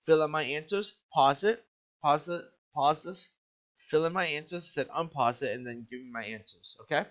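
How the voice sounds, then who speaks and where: A man's voice: a little high, moderate pace, a bit bright. A male Spanish teacher giving an upbeat video lesson, checking in with "okay?" and quizzing the viewer. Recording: dull lo-fi recording.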